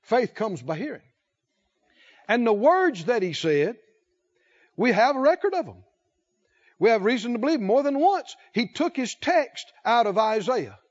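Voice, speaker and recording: A man preaches a sermon slowly and emphatically, drawing out key words and putting questions to the congregation. His very high-pitched voice swings widely in pitch, and the sound is lo-fi.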